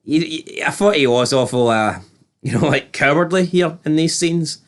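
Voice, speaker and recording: In a fairly high voice at a normal speed, a man co-hosts a laid-back TV review podcast. He retells the episode's scenes in a rambling, animated way, sounding incredulous and imitating the characters.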